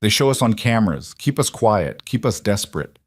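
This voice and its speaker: A man voicing a weary, frightened woman with an Eastern European accent who talks in flat, clipped, broken phrases. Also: fairly low pitch, moderate pace, dry recording, clean studio sound. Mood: flat, desperate.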